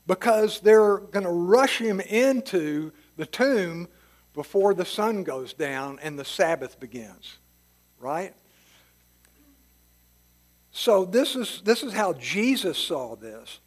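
A man teaching a Bible passage in a casual, folksy way, paraphrasing the story in plain words with asides. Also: sits high. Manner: restarts and fillers, chuckles at times.

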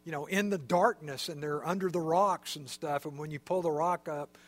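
A man's voice: fairly high pitch, steady tone, moderate pace. A man preaching a sermon in a conversational, explanatory way, with frequent fillers. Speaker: pastor.

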